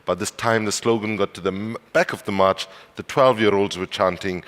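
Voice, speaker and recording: A man's voice: on the low side, steady tone, normal speed, fairly bright tone. A man from South Africa giving a conference speech, telling anecdotes with wry humor and building to emphatic passion. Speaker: speaker. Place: large conference hall. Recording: long hall reverb.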